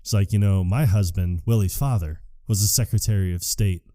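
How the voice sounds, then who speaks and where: Man, dark voice, dry recording. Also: low-pitched, no room sound. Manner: animated retelling, quick quotes, frequent laughs. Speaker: podcast co-host. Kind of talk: casual movie recap chat.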